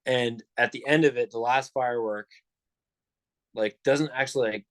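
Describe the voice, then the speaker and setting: A man's voice: mid-range voice, steady tone, normal speed, no echo. A young man telling a long story on a casual podcast, rambling with lots of fillers and restarts. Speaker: podcast co-host.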